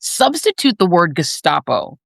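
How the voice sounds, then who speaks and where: A woman's voice: very animated, moderate pace, gravelly, a bit bright, dry recording, studio quality. A woman in her fifties giving emphatic, sardonic political commentary as a panel guest. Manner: emphatic, sardonic, swings between high and low.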